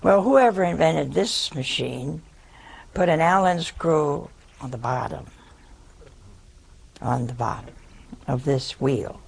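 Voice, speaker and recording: Slow, gravelly older nun telling stories. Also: female voice, low voice, lively intonation, darkish tone. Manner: chatty, self-mocking anecdotes with laughter. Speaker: nun giving a talk. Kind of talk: humorous storytelling talk.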